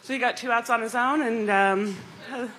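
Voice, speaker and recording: A team player giving a relaxed recap of a kickball game on a casual podcast. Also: medium pitch, moderate pace, slight background noise, low-quality recording. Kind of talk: casual chat.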